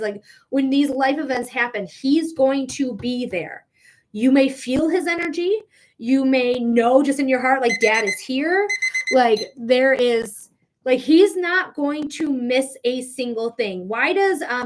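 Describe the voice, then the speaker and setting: A woman with a high, bright-pitched voice gives a live-streamed psychic reading. She chats loosely, filling her speech with "like" and laughing easily. She is open with her feelings as she talks. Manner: chatty, heavy use of "like", emotional and laughing. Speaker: psychic reader.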